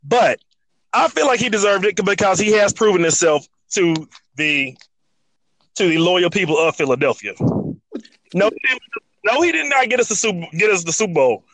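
High-voiced man arguing sports. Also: animated, moderate pace, pauses often, fairly bright tone, no room sound, rough recording. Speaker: podcast co-host. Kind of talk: sports debate.

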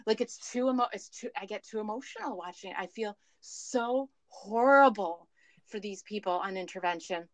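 A woman's voice: mid-range voice, moderate pace, dry recording. Earnest woman phoning in her story. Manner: earnest, emotional, rambling storytelling. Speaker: guest calling in. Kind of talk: candid recovery story chat. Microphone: phone call.

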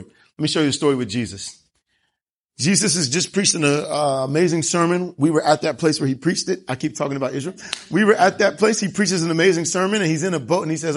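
A man's voice: fairly high pitch, breathy edge. A man preaching a sermon, telling the story with animation and asking rhetorical questions. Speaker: pastor.

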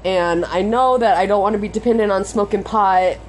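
A woman's voice: medium pitch, brisk, slight background noise. A young woman venting to her audience in an unscripted confessional talk, rambling and frustrated, swearing often and filling with "like".

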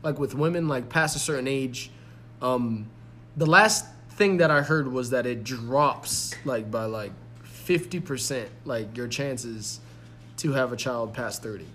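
A man's voice: mid-range voice, a little slow, a bit bright, slight background noise. A man in his twenties co-hosting a podcast, rambling with lots of fillers and swearing freely. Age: 20s. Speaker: podcast co-host. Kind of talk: casual chat.

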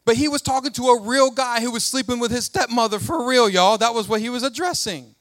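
A man's voice: very high voice, a little fast, no room sound, clean studio sound. A man preaching a sermon as pastor, reading scripture aloud and calling out to his congregation. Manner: animated preaching with call-outs to the congregation; reads scripture aloud and comments between verses.

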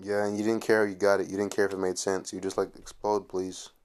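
A man's voice: on the low side, level tone, fast talker. A man hosting a casual podcast chat, incredulous and teasing, often laughing. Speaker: podcast host.

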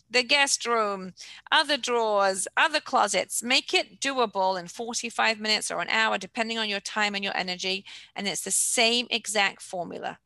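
A middle-aged woman gives brisk, practical organizing advice on an online class. Her voice is bright and forward, and the sound is close and dry with no room around it. She clears her throat now and then. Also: a little high, no echo, poor audio. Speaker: organizing coach giving a talk. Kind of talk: informal online lecture with questions.

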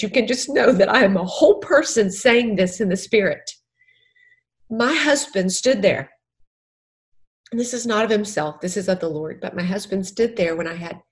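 A middle-aged woman, a podcast guest who is an author and former counselor, speaking earnestly and tearfully about faith, stressing and repeating her key phrases. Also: medium pitch.

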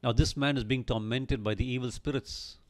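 A man's voice: mid-range voice, steady tone, normal speed, darkish tone. A man teaching a Bible story in an earnest, emphatic way, often asking the listener rhetorical questions.

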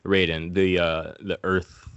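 Male host, low voice, dry close sound; crude comic movie recap, jumps into silly character voices. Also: level tone, slow pace, fairly bright tone, smooth, no room sound, lo-fi sound. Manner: profane, acts out characters in goofy voices. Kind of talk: casual comedic movie recap.

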